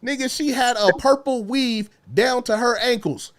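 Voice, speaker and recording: A man's voice: extremely high pitch, measured pace. A man co-hosting a casual online talk show, joking and swearing freely as he argues. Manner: animated, joking, profanity-heavy, slips into mocking voices. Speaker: podcast co-host. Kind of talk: casual profane banter.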